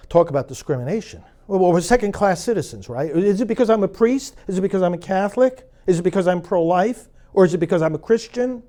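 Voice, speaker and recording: Speaking directly to the camera, a middle-aged priest who hosts his own show mixes sarcasm and preachiness, building to fervent emphasis at an expressive, quick pace. His voice is fairly high with wide pitch swings, and its tone is mellow rather than bright.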